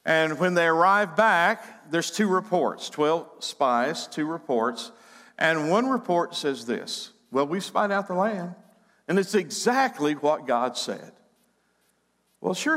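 Pastor guy preaching hard, bit high voice, long echo in a big hall. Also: expressive, measured pace, a bit bright. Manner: emphatic preaching with repetitions and rising build-ups. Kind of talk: sermon.

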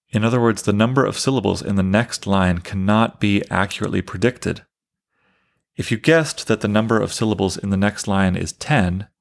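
A man with a very low voice and a gravelly edge delivers a literature lecture. He explains things step by step, counting and summarizing as he goes. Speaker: literature teacher. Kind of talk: lecture on poetic meter.

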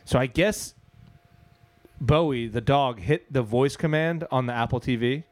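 A young man chatting casually as a podcast co-host, telling an animated story and laughing often. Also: mid-range voice, unhurried, dry recording. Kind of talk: casual chat.

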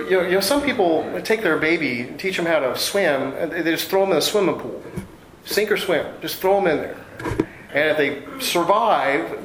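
A man preaching a sermon to a congregation, reading scripture and explaining it in a relaxed, conversational way with homey family anecdotes. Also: a little high, noisy background. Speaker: pastor. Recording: echoey room with faint ambience.

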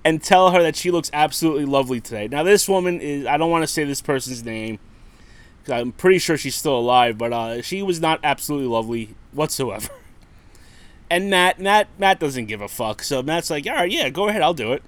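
A man in his thirties tells a story on a casual podcast. His voice sits a little high and swings widely in pitch as he laughs, swears and acts out what people said. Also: animated, brisk. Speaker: podcast co-host.

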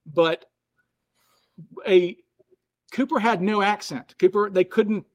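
Higher-voiced southern guy hosting a podcast, easygoing chat. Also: slow. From American South. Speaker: podcast host. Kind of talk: casual podcast interview.

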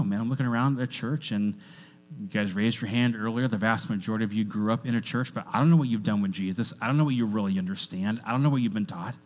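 A man preaching a sermon to a church congregation, energetic, often asking the crowd to repeat lines after him. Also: mid-range voice. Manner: energetic, with call-and-response to the congregation. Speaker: pastor.

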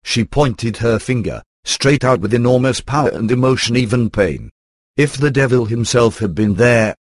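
A man reading a first-person book aloud in an even, computer-rendered narration. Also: medium pitch, dry recording. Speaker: audiobook narrator.

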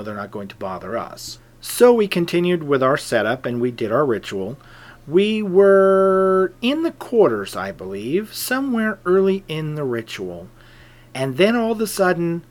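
A middle-aged man calmly telling a personal story in a measured, conversational way, dropping into soft asides. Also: medium pitch. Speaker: pagan group leader telling a personal story. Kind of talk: casual spoken anecdote.

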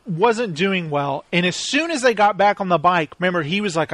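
A man's voice: high-pitched, brisk, hardly any pauses, a bit bright, no echo. A man co-hosting a podcast, chatting and amused. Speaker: podcast co-host. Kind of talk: casual chat.

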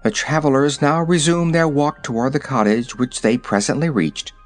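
A man reading a storybook aloud as its narrator, telling the tale in a lively way. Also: mid-range voice, normal speed, soft background music. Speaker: audiobook narrator. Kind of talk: scripted narration.

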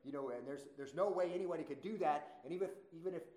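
A man's voice: on the high side, quick pace, a little mellow, echoey room, close to an everyday voice. A man voicing a sneering male skeptic who mocks with sarcastic questions. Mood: scoffing. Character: sneering adult male skeptic mocking resurrection.

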